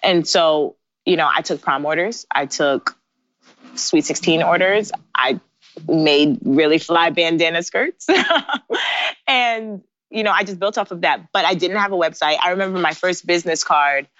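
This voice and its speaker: Lowish woman voice, chatty guest in her thirties, dry close sound. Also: moderate pace, no echo. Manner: animated, laughing asides, acts out her own past lines. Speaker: guest, bridal designer. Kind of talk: casual interview storytelling. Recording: dry, slightly dull sound.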